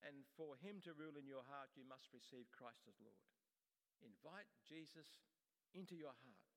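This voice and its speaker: A man's voice: medium pitch, normal speed. A man from Australia preaching a sermon in a conversational way, often restarting his phrases. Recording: long hall reverb.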